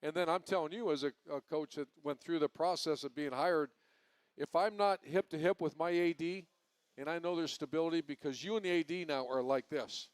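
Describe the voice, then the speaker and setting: A man's voice: fairly high pitch, a little fast, clean tone, dry recording. A man who is a former head coach, talking emphatically on a live panel show and laying out his points one by one. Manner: emphatic, lays out points by number.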